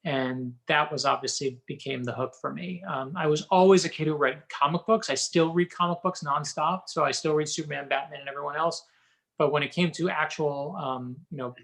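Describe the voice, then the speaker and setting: A middle-aged man, an author being interviewed, telling personal stories in an animated, anecdotal way. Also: on the high side, vocal fry. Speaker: author guest. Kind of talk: interview storytelling.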